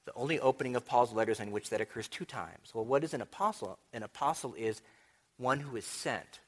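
A man preaching a sermon as pastor of his church, teaching with lively swings between loud emphasis and quiet asides. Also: medium pitch, a little fast, slightly rough. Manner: animated teaching with wide swings in loudness.

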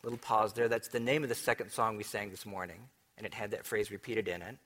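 A man preaching a sermon as pastor of his church, teaching with lively swings between loud emphasis and quiet asides. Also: lowish voice, fast talker. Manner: animated teaching with wide swings in loudness.

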